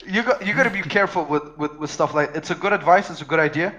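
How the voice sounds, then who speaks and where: Playful male co-host, a bit higher voice, muffled lo-fi call sound. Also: fast, sharp tone. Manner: playful and jokey. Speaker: podcast co-host. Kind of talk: casual podcast chat. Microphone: online voice call.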